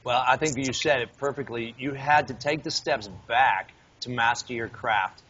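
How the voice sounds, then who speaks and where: A man's voice: medium pitch, moderate pace, pushed and bright. A man hosting an interview, asking questions and summarizing reflectively. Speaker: host. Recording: dull audio with faint noise.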